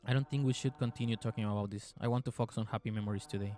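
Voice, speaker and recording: A man voicing a cold, controlling scientist mother, speaking in a stern, calmly menacing way in a horror game. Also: fairly low pitch, very fast, close to an everyday voice. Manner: stern, clipped, menacing calm.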